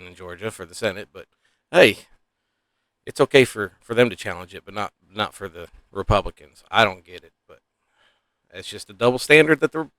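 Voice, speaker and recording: A man's voice: fairly low pitch, fairly bright tone, no echo, clean studio sound. A man giving casual, opinionated political commentary, rambling and sighing often.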